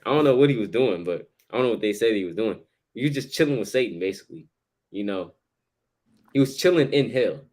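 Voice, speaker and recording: Low-voiced man in casual Bible talk. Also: a little mellow. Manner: casual, slangy, laughs often. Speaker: Bible study co-host. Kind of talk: casual religious discussion.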